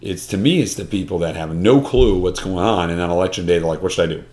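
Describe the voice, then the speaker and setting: A man's voice: low voice, a little fast, darkish tone. A man in casual discussion, earnest and emphatic, often restarting his sentences with repeated words. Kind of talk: conversational discussion.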